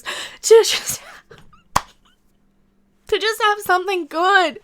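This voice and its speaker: A woman hosts a livestream reaction, her voice set very high. She rants with feeling, swears freely and laughs between lines. Her tone is bright and sharp. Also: unhurried, long pauses. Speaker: livestream host reacting to a trailer.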